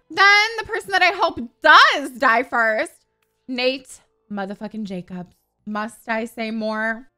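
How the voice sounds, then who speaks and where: A woman's voice: on the high side, sharp tone. A young woman giving casual commentary on her game, swearing freely and shrieking and gasping when something happens. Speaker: gaming YouTuber.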